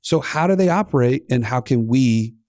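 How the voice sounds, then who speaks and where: A man in his thirties co-hosting a casual finance podcast, talking in an animated way with playful sarcasm. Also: mid-range voice, moderate pace, no echo, clean studio sound. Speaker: podcast co-host.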